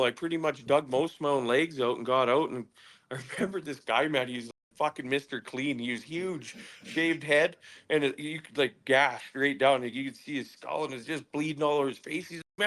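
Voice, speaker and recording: Middle-aged man, podcast guest, swears freely, lively animated storytelling, mid-range voice. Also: medium pitch, brisk. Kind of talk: casual storytelling.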